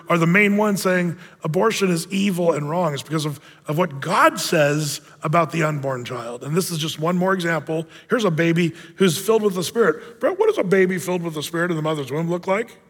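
In his sermon, the pastor keeps a loose, joking, conversational delivery with a high, lifted, slightly bright voice. Now and then he acts out Bible characters in playful voices. A long hall reverb follows his words as they fade.

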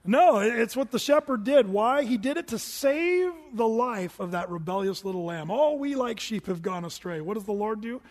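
High-voiced pastor preaching in a hall. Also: male voice, lively intonation, normal speed, few pauses. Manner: conversational storytelling preaching, asks the congregation questions. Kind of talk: sermon. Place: church hall with congregation. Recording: long hall reverb from a church room.

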